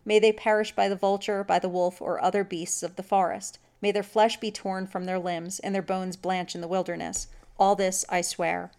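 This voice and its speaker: A woman plays a stern, secretive middle-aged huntsman in a read-aloud story. He speaks in a solemn, commanding way. The voice carries a gravelly rasp. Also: mid-range voice, level tone, normal speed, hardly any pauses, a little mellow, lightly acted. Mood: solemn oath. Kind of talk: audiobook story reading.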